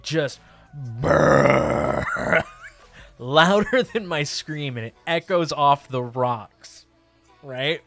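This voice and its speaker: A man streamer telling a funny story in a casual, animated way, with many fillers and laughs. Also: medium pitch.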